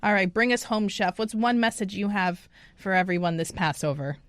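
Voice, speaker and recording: A woman's voice: medium pitch, expressive, normal speed, no echo. Woman radio host, upbeat, polished, dry studio sound. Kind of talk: radio interview and scripted segment.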